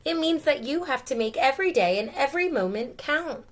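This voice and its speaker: A woman reading a storybook aloud, voicing a caring, gently firm mother who speaks in a high, encouraging way. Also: lively intonation, a little fast.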